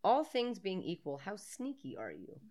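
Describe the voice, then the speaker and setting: A woman's voice: medium pitch, huge pitch swings, normal speed, warm tone. A woman co-hosting a casual podcast, reading a quiz aloud in a playful way, swearing freely and laughing often. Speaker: podcast co-host.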